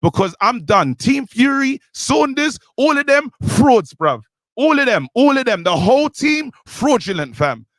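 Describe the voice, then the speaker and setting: Brief: young man, high lively voice, furious podcast rant, dry close sound. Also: unhurried, no echo. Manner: ranting, worked up, calls out a boxer directly. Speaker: podcast co-host. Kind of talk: heated rant.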